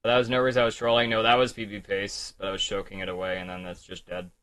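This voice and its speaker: A man's voice: lowish voice, monotone, fast talker, a bit bright. A young man streaming a speedrun, talking in a frustrated, rambling way and swearing as he goes over his mistakes. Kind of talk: casual live-stream commentary.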